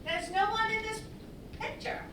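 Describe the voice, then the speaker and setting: Giggly flirt played by a woman, very high and lively, on a distant echoing stage. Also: normal speed. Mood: flirty. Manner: giggly, gushing. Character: giggly flirtatious English woman, middle-aged. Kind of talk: live stage acting. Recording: echoey stage, distant mic, noisy audience.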